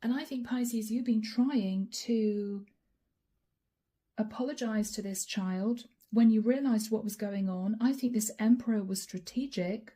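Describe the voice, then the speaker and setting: Woman, tarot reader, hoarse fading voice, raspy, husky, warm dark tone, soft-spoken. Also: a little high, measured pace. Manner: soft-spoken with whispered asides. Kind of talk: channeled tarot reading.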